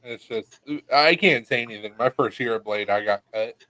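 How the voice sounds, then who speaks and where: A man's voice: medium pitch, normal speed, bright, forceful tone, no echo, low-quality recording. A man telling stories in a casual podcast chat, swearing and laughing often. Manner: laid-back storyteller, swears, laughs often. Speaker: podcast co-host.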